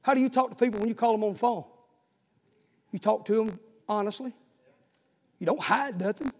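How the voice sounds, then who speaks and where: A pastor preaching a sermon, telling stories and building to urgent appeals. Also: male voice, high voice, brisk, big-room sound.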